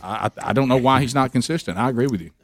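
A man's voice: medium pitch, racing. A man hosting a morning talk radio show, taking calls with easygoing, laughing banter. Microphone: studio mic.

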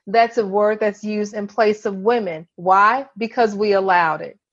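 A woman co-hosting a casual conversation, speaking in a lively, animated way. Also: mid-range voice, dull audio. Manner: lively, animated, quick to jump in.

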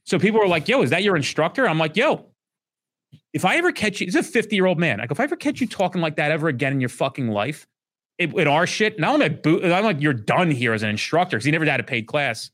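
A man with a slightly high voice talks in a blunt, profane, animated way in a casual podcast chat. He runs a police training company and acts out quoted talk in loud bursts. The sound is dry and close. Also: quick pace, no room sound.

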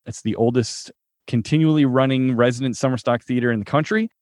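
Chatty, animated storyteller man. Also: mid-range voice, fairly quick, no room sound, clean studio sound. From Chicago suburbs, US Midwest. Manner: animated storyteller, laughs while talking. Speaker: actor, interview guest. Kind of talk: casual interview.

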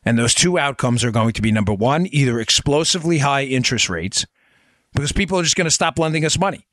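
A fast, expressive man with a slightly bright tone hosts a political commentary podcast, recorded at studio quality with no room sound. He's emphatic and sarcastic, speaking right to his listeners as folks, and his voice rises when he's worked up.

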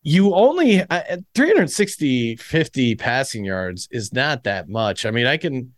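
A man's voice: mid-range voice, unhurried, no echo, studio quality. A man hosting a sports podcast, chatting casually and energetically about football betting picks. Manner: energetic, enthusiastic. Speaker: podcast host.

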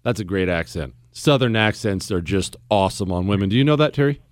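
A man's voice: fairly low pitch, fairly quick, no room sound, clean studio sound. A man hosting a talk radio show, joking with sarcastic asides as he talks to listeners and callers. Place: radio studio. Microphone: studio microphone.

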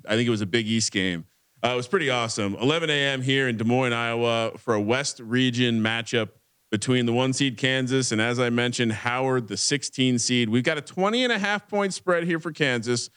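A man's voice: medium pitch, a bit bright, smooth. A man hosting a sports betting podcast, chatting casually and rambling through game picks and point spreads. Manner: rambling, restarts often, reads betting lines. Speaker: podcast host.

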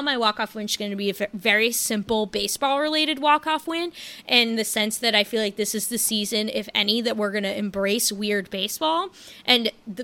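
A woman's voice: medium pitch, bright, forceful tone. A young woman co-hosting a casual podcast chat, talking loosely with many fillers and easy laughs. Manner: chatty, lots of fillers, laughs often. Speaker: podcast co-host.

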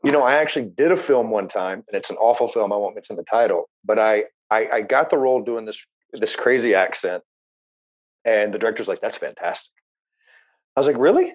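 A man, an actor guest, telling animated, jokey stories in a casual interview. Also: fairly low pitch, brisk, highs cut off.

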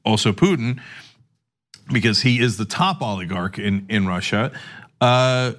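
A man's voice: fairly low pitch, animated, unhurried, fairly bright tone. A male podcast host in casual political chat, explaining at length with sarcastic asides. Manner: explanatory, sarcastic, acts out quoted speech.

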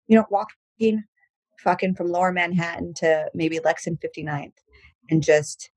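A woman talks in a loose, rambling podcast chat, full of restarts and casual swearing. Her voice sits low and has a husky, breathy edge. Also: level tone, normal speed, darkish tone, no room sound, poor audio. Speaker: comedian guest.

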